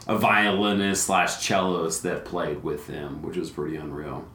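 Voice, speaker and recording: A very low-pitched man chatting as a podcast guest, easygoing and rambling, often circling back over his words. The sound carries a roomy echo. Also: level tone, unhurried, sharp tone, a little hiss or hum. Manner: easygoing, rambling, repeats himself. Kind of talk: casual chat. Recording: echoey room.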